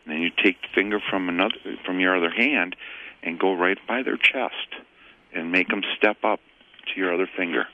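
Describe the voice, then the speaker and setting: A very low-voiced man speaks over a narrow, phone-like line. He is a pet store owner on a radio call-in show. He explains things in a relaxed, plain way, full of ums and uhs. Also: moderate pace, slight background noise. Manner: relaxed, plain-spoken, with fillers.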